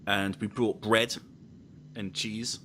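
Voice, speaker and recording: A man's voice: lowish voice, flat delivery, slow, pushed and bright, a little hiss or hum. A young man hosting a podcast, telling rambling anecdotes in casual chat with lots of ums. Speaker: podcast host.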